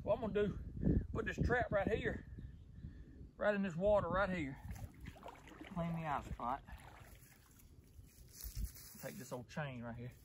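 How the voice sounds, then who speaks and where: A middle-aged man with a Mississippi Southern drawl and a fairly high voice, chatting loosely to his viewers as y'all. He is recorded outdoors by a lake on a phone set on a tripod. The sound carries clear background noise. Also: measured pace, long pauses. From southern United States. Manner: folksy and rambling, talks to viewers as y'all. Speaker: trapper vlogger. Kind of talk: casual outdoor vlog.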